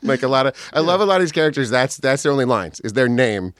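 A man's voice: medium pitch, lively intonation, quick pace, fairly bright tone, no room sound, studio quality. A man appearing as a comedian guest on a podcast, chatting casually, joking and laughing a lot. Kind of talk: casual chat.

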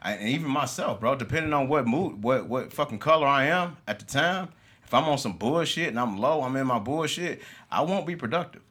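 A man, talking in casual chat with animated street slang and profanity. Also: medium pitch, fairly quick.

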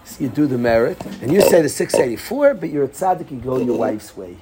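With background noise behind him, a man speaks briskly in a mid-range voice while teaching a Torah class as a rabbi. He's an animated storyteller who acts out the quotes, laughs a lot, and drops Hebrew and Yiddish words into his English.

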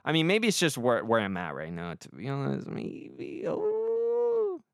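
A man's voice: mid-range voice, wildly swooping pitch, unhurried, creaky, clear, resonant tone, dry recording, studio quality. Rambling young male podcast host. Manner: rambling, swears a lot, self-deprecating. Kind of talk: casual comic monologue.

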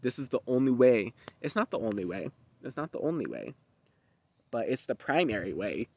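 A young man in his twenties hosting a podcast, talking in a rambling, profane, animated monologue. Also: mid-range voice, normal speed, gravelly. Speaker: podcast host. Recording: dull, dry lo-fi recording.

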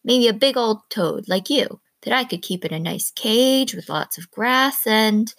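A woman's voice: fairly high pitch, animated, a little slow, fairly bright tone, no echo. A restless young girl speaks earnestly with a stubborn streak, voiced lightly by a woman narrator. She sounds wistful one moment and defiant the next. The sound is dry and close.

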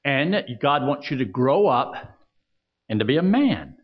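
A man preaches a sermon, his pitch rising and falling in wide arcs. He puts questions to his listeners and reads verses slowly. The recording sounds dull and lo-fi. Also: big pitch swings, slightly rough. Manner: preaching with rhetorical questions and scripture readings. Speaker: pastor.

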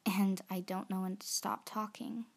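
A woman's voice: medium pitch, little pitch movement, normal speed, creaky. A young woman, chatting into her phone for a casual solo podcast, rambling and self-conscious, often dropping to a whisper. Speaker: podcast host.

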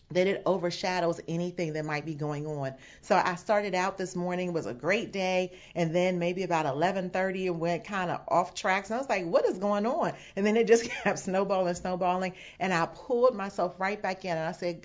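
A woman pastor preaching from home with a low, grounded voice. She teaches in a conversational way and acts out quoted lines with emphasis. The recording has a dull, lo-fi sound. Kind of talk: sermon. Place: home setting away from the sanctuary.

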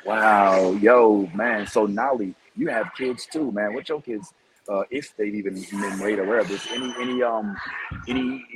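A man's voice: on the low side, moderate pace, noisy background. A man hosting a casual podcast discussion, throwing questions to his co-hosts. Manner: animated, asks the others questions. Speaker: podcast host.

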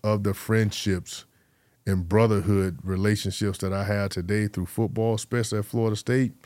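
Animated man telling stories. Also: fairly low pitch, moderate pace, no room sound. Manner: animated storyteller who acts out quotes. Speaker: guest, former pro football player. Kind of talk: casual interview storytelling.

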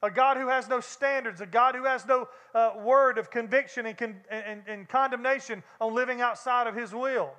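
A man with a Southern US accent delivering a sermon, talking straight to the congregation in an easy, conversational way. His voice sits high and sounds bright and forward. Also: steady tone, normal speed, few pauses. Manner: conversational preaching, addresses congregation directly. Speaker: pastor.

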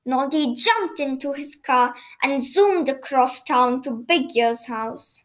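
A woman reads a bedtime story aloud in a gentle, soothing way. Her voice is high, and she takes her time over every line. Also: expressive, rough recording. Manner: gentle, slow, soothing reading.

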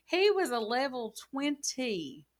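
A woman's voice: high-pitched, big pitch swings, takes it slowly. A woman in casual gaming chat, telling rambling stories full of "like" and "you know.". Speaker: gaming channel co-host.

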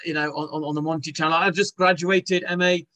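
A man being interviewed as a guest, talking in a halting way with many restarts and repeated words. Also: a little high, flat delivery, bright, forceful tone. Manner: hesitant, repeats words often. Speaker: guest, former cricketer. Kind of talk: casual interview.

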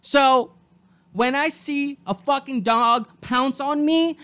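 Solo podcast host, high voice, profane angry rant with shouted peaks. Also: slow.

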